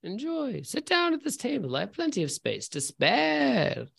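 A man's voice: very high voice, huge pitch swings, moderate pace, gravelly, fairly bright tone, slightly rough, pitched above the performer's own voice, heavily acted. A man voicing a friendly, rosy-cheeked fortune teller who is effusive and welcoming, with a touch of grandeur.

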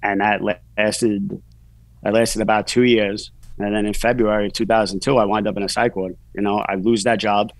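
A man's voice: on the low side, flat delivery, normal speed, dry recording, poor audio. A man in his forties, a guest author, telling a personal story in a casual, rambling way, full of "you know" fillers.

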